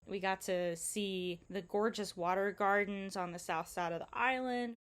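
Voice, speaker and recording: A woman casually recounting a day of travel and snorkeling, chatty and animated, quoting people she met. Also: mid-range voice, measured pace. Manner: chatty, animated retelling with quoted dialogue and laughs. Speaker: travel vlogger.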